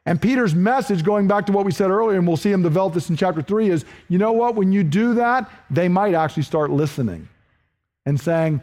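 A man preaching a sermon, earnest and questioning, moving between emphatic points and hushed, slowed lines. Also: sits high. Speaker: pastor.

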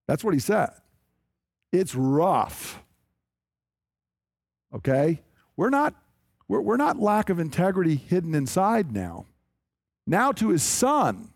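High-voiced man preaching in a dry room. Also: expressive, unhurried, no room sound. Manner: emphatic, conversational preaching with acted asides. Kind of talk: sermon.

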